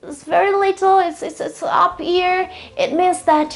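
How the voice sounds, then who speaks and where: A woman from Italy with an Italian accent, a native Italian speaker, hosting an online English lesson in a chatty way and repeating words slowly to model their pronunciation. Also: extremely high pitch, expressive, vocal fry. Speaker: English teacher, channel host.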